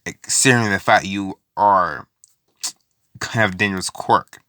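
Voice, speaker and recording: A man's voice: deep voice, a little slow, pushed and bright, no echo, studio quality, pitched below the performer's own voice. A man voicing a blunt, cautious male leader speaking in a matter-of-fact way.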